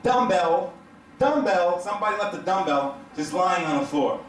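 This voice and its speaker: A man doing stand-up comedy to a live crowd, telling a story in an animated, profane way and laughing through his lines. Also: fairly high pitch, brisk. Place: hotel event room stage. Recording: echoey room, mic heard from a distance.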